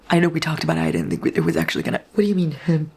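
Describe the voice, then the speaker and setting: Low, gravelly-voiced woman vlogging. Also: a little mellow. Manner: rambling, swears often, slips into whispers. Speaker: book vlogger. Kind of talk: casual reading vlog.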